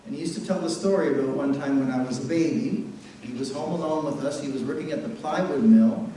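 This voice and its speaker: A middle-aged man from New Brunswick, Canada, giving a eulogy for his father in a church, telling stories warmly and chuckling at them. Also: medium pitch, a little fast, slight background noise. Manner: warm anecdotal storytelling, chuckling at his own stories. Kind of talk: funeral eulogy. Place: large church sanctuary. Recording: very echoey church from a distance.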